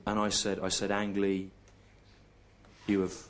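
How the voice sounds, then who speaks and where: A middle-aged English man doing a stand-up comedy routine, deadpan and laid-back with lots of repetition. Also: deep voice, a little slow, slight background noise. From England.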